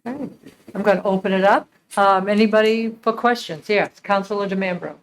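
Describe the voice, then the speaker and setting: A woman chairing a council committee, putting formal interview questions in a measured way. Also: medium pitch, slight background noise, rough recording. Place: council chamber.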